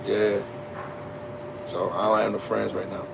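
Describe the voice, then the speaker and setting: Man putting on a lonely boy's voice, quiet, hesitant, lowered, a bit gravelly. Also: level tone, measured pace, noisy background. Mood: sad. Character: shy poor young boy, lonely and quiet.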